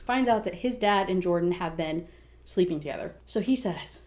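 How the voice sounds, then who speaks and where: A young woman casually recapping a novel's plot, swearing freely and acting out the characters' lines as she goes. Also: lowish voice. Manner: animated retelling with quick quoted dialogue; frequent "like" and profanity. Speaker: book reviewer. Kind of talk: casual spoiler recap rant.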